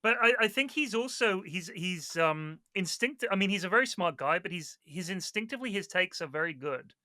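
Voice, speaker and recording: A man chatting casually on a podcast, telling stories with lively acted-out quotes and plenty of swearing. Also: high voice, a little fast, dry recording, clean studio sound. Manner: animated storyteller, acts out quoted people, swears freely. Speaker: Dota 2 caster, podcast guest.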